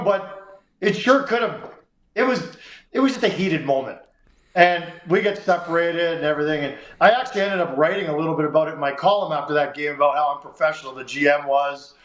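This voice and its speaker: A man's voice: fairly high pitch, echoey room, poor audio. A Canadian man hosting a sports radio show, telling a long story and acting out the dialogue. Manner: animated, acts out quoted dialogue.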